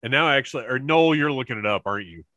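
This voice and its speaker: Lively, bright-voiced male podcast host. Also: medium pitch, no room sound. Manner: excitable, animated storyteller with quick asides. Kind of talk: casual fan podcast chat.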